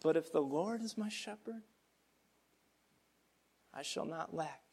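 Middle-aged male pastor, earnest and gently emphatic, voice sitting a touch high. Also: lively intonation, slow, gravelly, slightly rough. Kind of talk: sermon.

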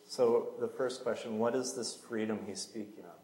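A man's voice: fairly low pitch, steady tone, normal speed, darkish tone. Earnest man preaching in an echoey sanctuary. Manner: earnest, conversational with fillers and small laughs. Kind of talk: sermon. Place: church sanctuary.

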